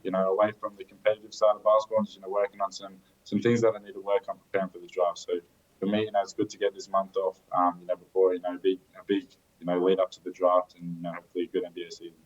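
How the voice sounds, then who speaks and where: A young man talks very fast in a low, flat voice, and his audio sounds a bit dull. He is a guest answering interview questions, rambling and leaning on "you know". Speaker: guest basketball prospect.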